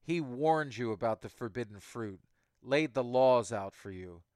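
A man's voice: mid-range voice, animated, a little slow, darkish tone, no room sound, natural voice. Give me a cold, dismissive hacker villain, as a male narrator reads him, lecturing with scorn. The voice sits close in a dry recording.

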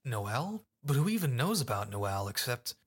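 A man's voice: medium pitch, very animated, moderate pace, slightly rough. A man voicing a sarcastic, impatient teenage boy hero. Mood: edgy.

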